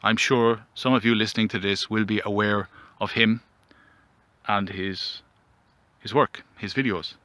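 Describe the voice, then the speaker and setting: Guy doing a mock-serious rambly comedy rant outside, lowish voice, dry close sound. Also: fairly even intonation, bright, forceful tone, no echo. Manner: mock-solemn, rambling, theatrical pauses. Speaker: commentary vlogger. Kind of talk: mock-dramatic comedic monologue. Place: outdoors.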